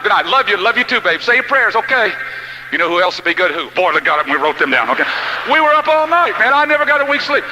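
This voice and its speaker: A middle-aged man telling stories in a folksy, animated speech, swinging from shouts to hushed lines. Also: high voice, fast, slight background noise, poor audio. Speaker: motivational speaker. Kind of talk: storytelling speech.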